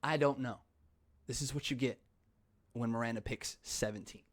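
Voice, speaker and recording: A man's voice: mid-range voice, normal speed, no echo. A young man hosting a podcast in casual chat, rambling, often laughing and swearing offhandedly. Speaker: podcast host.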